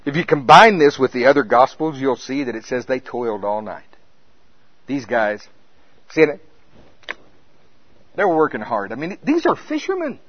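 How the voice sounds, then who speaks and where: A male preacher, preaching an animated sermon and laughing often. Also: mid-range voice, normal speed, pauses often, husky, no echo, muffled recording.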